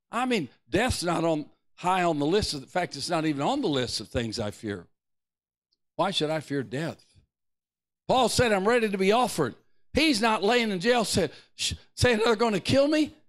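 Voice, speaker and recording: High-voiced emphatic male preacher. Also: lively intonation, moderate pace. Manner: emphatic preaching with big swings in pitch and loudness; repeats key phrases for emphasis. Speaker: pastor. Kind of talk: sermon. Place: church sanctuary.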